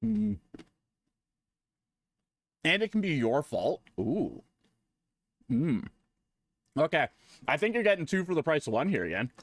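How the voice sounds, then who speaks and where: A man streaming live, chatting casually with viewers in a profane, rambling, jokey way, now and then breaking into loud mock rants. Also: fairly high pitch, big pitch swings, unhurried, pauses often, no echo.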